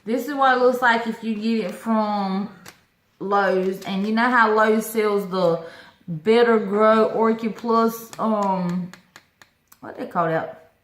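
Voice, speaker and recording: A woman's voice: medium pitch, steady tone, takes it slowly. A woman chatting casually to viewers about her orchids, exclaiming often and calling them y'all. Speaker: vlogger showing her orchid collection. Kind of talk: casual chat. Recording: echoey room.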